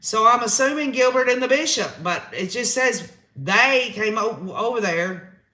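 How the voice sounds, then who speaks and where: A man's voice: sits high, expressive, a little slow, pushed and bright, reverberant. A man hosting a live-stream trial recap, reading chat comments aloud and reacting with emotion. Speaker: host.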